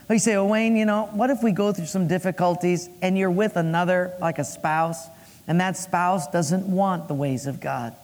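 A man's voice: sits high, moderate pace, a little mellow. A male pastor preaching a sermon, playful, acting out voices and dropping puns. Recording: long echo of a large hall.

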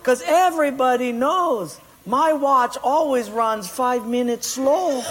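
A man voicing a smug, unhurried man who delivers the punchline of a joke in a sermon. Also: very high-pitched, heavy background noise, pitched above the performer's own voice. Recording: long reverb in a large hall.

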